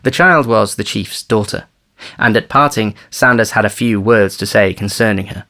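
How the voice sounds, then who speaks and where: A man narrating an audiobook thriller in a measured, wry storytelling manner. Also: lowish voice, sharp tone. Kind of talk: scripted narration.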